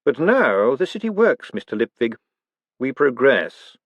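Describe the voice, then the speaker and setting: Guy reading as a cold menacing lord, slow and precise, dry close sound. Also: mid-range voice, big pitch swings, dry recording, highs cut off, pitched above the performer's own voice. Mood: cool menace. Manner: slow, measured, precise and icy. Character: cold, dry, menacing aristocratic male tyrant.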